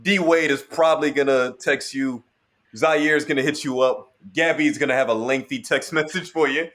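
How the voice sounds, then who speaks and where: A man's voice: medium pitch, steady tone, normal speed, fairly bright tone. A man co-hosting a casual sports podcast, upbeat and playful, who also wraps up the episode. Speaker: podcast co-host.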